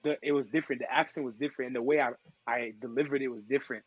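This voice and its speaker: A man from Togo, a podcast guest and DJ, telling stories in casual chat with slangy, lively talk. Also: medium pitch, racing, husky, dry recording, muffled recording. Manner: lively, acts out quoted voices, slangy.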